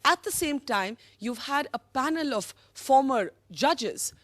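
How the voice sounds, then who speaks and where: A woman, moderating a televised panel debate with articulate, measured questions. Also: high-pitched, lively intonation, fairly bright tone, no room sound, studio quality. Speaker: host.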